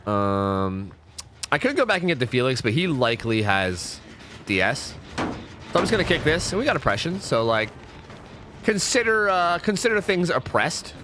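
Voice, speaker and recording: A young man giving casual, jokey commentary while streaming a horror game, chatting and breaking into sudden high exclamations. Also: big pitch swings, moderate pace, bright, forceful tone, a little hiss or hum.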